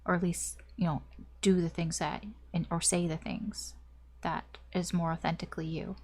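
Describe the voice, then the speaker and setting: A woman's voice: fairly low pitch, little pitch movement, moderate pace, a little mellow, husky. A woman doing a casual tarot reading to camera, rambling with many fillers and restarts, and swearing now and then. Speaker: tarot reader.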